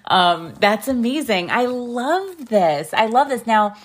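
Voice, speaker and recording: A woman's voice: fairly high pitch, big pitch swings, slow, husky. A woman in her late thirties hosting a podcast, enthusiastic and gushing in casual interview chat. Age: late 30s. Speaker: podcast host.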